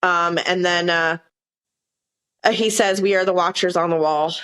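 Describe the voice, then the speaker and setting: A woman's voice: lowish voice, fairly even intonation, moderate pace, fairly bright tone, smooth. Chatty Southern woman recapping a show. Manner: rambling, retells scenes with quoted lines. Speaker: podcast co-host. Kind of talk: casual chat recapping a TV episode.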